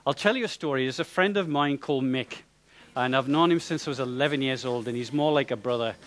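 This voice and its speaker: A medium-pitched, fast-talking man tells an audience a funny anecdote, lively and chatty, with hesitations and repeated words.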